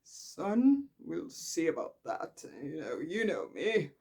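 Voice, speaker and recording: A woman's voice: fairly low pitch, sing-song, slow pace, vocal fry, a little mellow, husky, pitched below the performer's own voice, full character voice. A woman voicing a controlling older father from a soap opera, smug and paternal.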